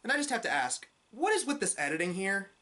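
With a medium-pitched, very animated voice, a woman from New York rattles off a fast, sarcastic film review against a noisy background. She mocks the movie snarkily and becomes more and more exasperated.

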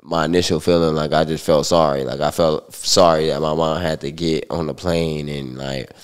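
A man recounting a personal story in a relaxed interview, talking loosely with many fillers. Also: a bass voice, moderate pace, clear, resonant tone. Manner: relaxed, loose, full of fillers like "like" and "you know". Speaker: guest.

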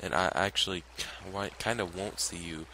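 Bright-voiced man muttering through a game. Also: sits low, steady tone, normal speed, slight background noise. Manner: mutters to himself, drops to whispers, bursts into frustrated outcries. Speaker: let's play host. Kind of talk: gaming commentary. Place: at home at night.

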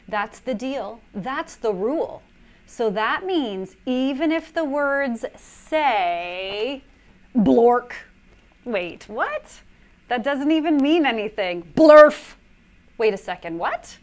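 A woman, a child life specialist, reading a children's book aloud in a playful way, hamming up silly words with gasps and mock dismay. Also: mid-range voice.

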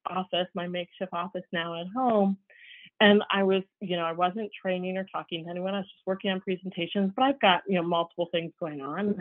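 A middle-aged woman presents a workshop in a conversational way. She tells stories and acts out the dialogue she quotes. Her voice sits at a middle pitch and comes through a dry, tinny line that sounds like a phone. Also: no echo. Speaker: workshop speaker. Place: home office.

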